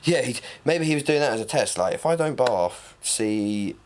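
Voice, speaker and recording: A man's voice: medium pitch, expressive, normal speed, darkish tone, a little hiss or hum. Guy in his 30s, podcast co-host, meandering storyteller who slips into goofy impressions. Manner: rambling, tells stories with silly voiced impressions. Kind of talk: casual chat.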